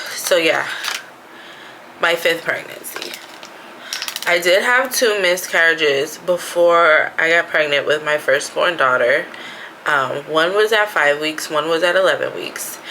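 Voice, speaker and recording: A woman with a fairly low, pushed and bright voice vlogs from her bathroom at home, chatting casually about her pregnancy with lots of "like" and "you know". The low-quality recording has a little hiss or hum.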